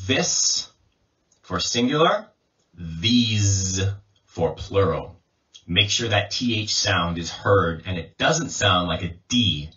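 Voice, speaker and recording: A man as an English coach, giving a slow pronunciation lesson and repeating sounds as drills. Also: fairly low pitch, pushed and bright. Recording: distant mic, dull lo-fi sound.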